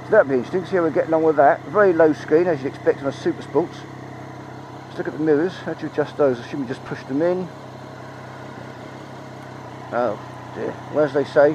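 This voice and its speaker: A man giving a chatty, excitable ride-along review of a motorbike, swearing freely, talking into a helmet mic outdoors. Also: fairly high pitch, brisk, pauses often. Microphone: helmet-mounted mic. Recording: muffled, engine and road noise.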